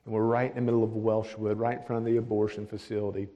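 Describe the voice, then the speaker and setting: A man, a pastor, telling a testimony story, dropping to a hush for the words of others. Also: on the low side, level tone, quick pace, dull audio. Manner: drops to a hushed voice for quoted speech. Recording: long hall reverb.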